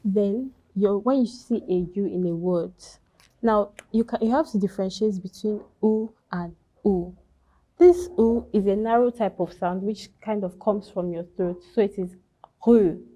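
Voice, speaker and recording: A woman's voice: medium pitch, moderate pace, warm tone. A woman teaching French pronunciation, speaking carefully and repeating each example word. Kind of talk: slow pronunciation lesson.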